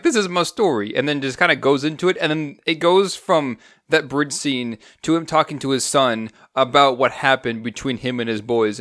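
A man's voice: medium pitch, no room sound, studio quality. A man in casual podcast talk, rambling through a movie review with restarts. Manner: rambling, restarts, animated retelling. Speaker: podcast co-host.

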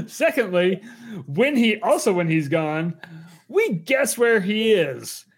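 A man hosting a comedy podcast, playful and quick to laugh in casual banter. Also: high voice, big pitch swings, slightly rough. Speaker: podcast host.

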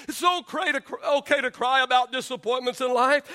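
A middle-aged male pastor preaching a sermon, repeating his words and building to shouts on key lines. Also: very high voice, brisk, hardly any pauses.

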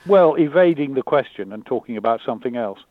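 A man's voice: medium pitch, lively intonation, fast, dry recording. Man on a tinny line. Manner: hesitant, repeats words, thoughtful. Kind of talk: candid conversation. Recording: dry tinny phone-like line.

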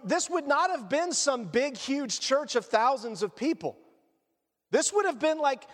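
A man preaching a sermon as pastor, animated and dropping joking asides. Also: very high voice. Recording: long reverb of a large room.

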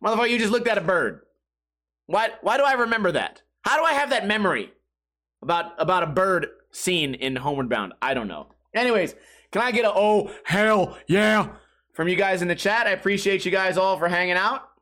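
A man's voice: sits high, animated, brisk, bright, forceful tone. A man hosting his podcast, rambling casually and joking with a profane streak. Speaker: podcast host. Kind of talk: casual chat.

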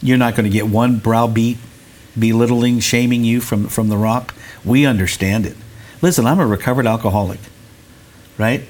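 A man's voice: medium pitch, fairly even intonation, normal speed, darkish tone. Earnest preacherly man. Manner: earnest, preacherly, repeats words when searching. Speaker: recovery center director and pastor. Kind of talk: interview guest.

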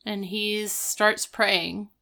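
A woman's voice: mid-range voice, fairly even intonation, very slow, gravelly, sharp tone. A woman in casual conversation, earnestly retelling an emotional TV scene and quoting the characters. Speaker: podcast co-host. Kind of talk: casual chat.

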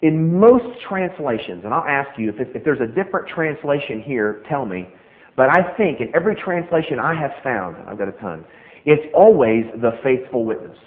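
Animated preacher man, tinny sound. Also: medium pitch, moderate pace. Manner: animated, emphatic, repeats key phrases. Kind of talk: sermon.

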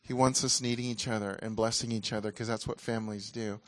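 A man preaching in a relaxed, conversational way and leading a congregation in prayer. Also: on the low side, fast, no room sound. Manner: ecstatic, exclaiming and laughing during prayer. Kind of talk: charismatic sermon and prayer ministry.

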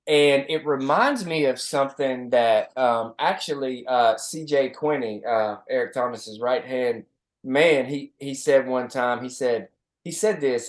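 A male podcast co-host giving a motivational talk in an earnest, reflective way, often restarting his sentences. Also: medium pitch. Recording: roomy echo.

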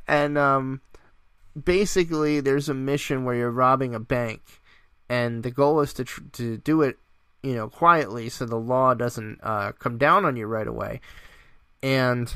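A man's voice: mid-range voice, smooth, dry recording, studio quality. A man hosting a casual gaming podcast, telling a funny story with frequent laughter. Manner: laughs often, animated storytelling. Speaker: podcast host.

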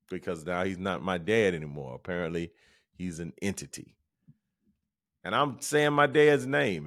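A middle-aged man with a low, deep voice tells a story in a loose, casual way. He sounds exasperated and animated as he recounts it, often stumbling and starting his sentences over. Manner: animated, exasperated retelling with restarts. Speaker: podcast host.

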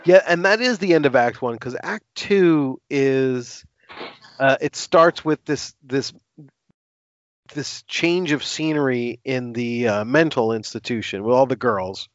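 A man's voice: mid-range voice, unhurried, no echo. A man co-hosting a casual film podcast, laid-back and chuckling, often answering with short agreeing replies. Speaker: podcast co-host. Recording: dull dry lo-fi audio.

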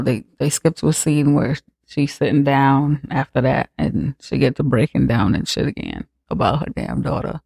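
Podcast host, comic movie recap, profane, animated storytelling, dry close mic, raspy tone. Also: medium pitch, no echo. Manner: profane, animated retelling with acted-out quotes.

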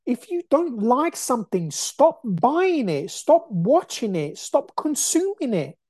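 A woman's voice: high voice, sing-song, slow, warm tone, slightly rough, no room sound. A woman hosting a motivational podcast, talking bluntly and passionately, swearing freely. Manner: blunt, profane, impassioned ranting. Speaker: podcast host.

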